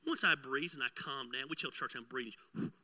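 A middle-aged man, preaching a sermon and telling a personal story, swinging between loud bursts and hushed asides. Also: mid-range voice, normal speed. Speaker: pastor.

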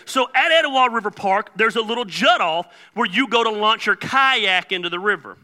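A man preaching a sermon as pastor, telling a joking story with sudden loud outbursts. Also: high-pitched, lively intonation, moderate pace. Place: church sanctuary. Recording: long hall reverb.

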